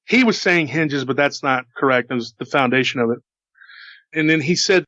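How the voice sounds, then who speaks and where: A man's voice: mid-range voice, normal speed, bright, forceful tone, no echo. A man casually telling a paranormal story he heard, chatty and repetitive, with asides to the listener. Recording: dull, slightly lo-fi dry sound.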